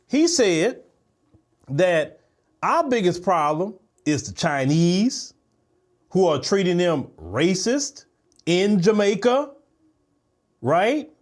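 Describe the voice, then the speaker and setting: High, animated man lecturing with indignation. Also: slow pace, long pauses. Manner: indignant, lecturing, swings between high exclamations and low growls. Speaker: commentator reacting to clips. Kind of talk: heated reaction commentary.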